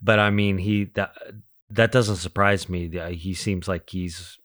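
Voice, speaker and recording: A man with a fairly low voice co-hosts a laid-back movie podcast. He thinks out loud, circles back on his words and laughs easily. His voice sits close to a dry mic. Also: fairly even intonation, measured pace, dry recording. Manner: thinking aloud with fillers and restarts, easy laughs. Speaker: podcast co-host. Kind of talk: casual movie-ranking chat.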